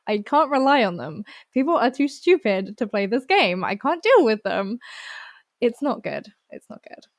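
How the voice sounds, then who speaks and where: A woman's voice: on the high side, very animated, normal speed, no room sound, clean studio sound. Woman co-host, casual chat; blunt, swears a lot, rants when annoyed. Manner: swears freely, rants with exasperation. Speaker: podcast co-host.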